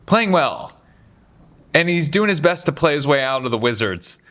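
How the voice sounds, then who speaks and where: A man giving casual, opinionated basketball talk, chatty and animated, slipping into mocking voices for quotes. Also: on the high side, moderate pace. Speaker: basketball commentary host.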